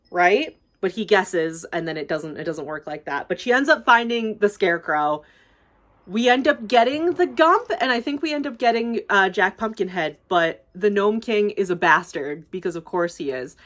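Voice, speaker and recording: A woman's voice: medium pitch, lively intonation, normal speed, a bit bright. A young woman YouTuber casually recapping a movie, rambling and gushing, swearing freely and filling with "like".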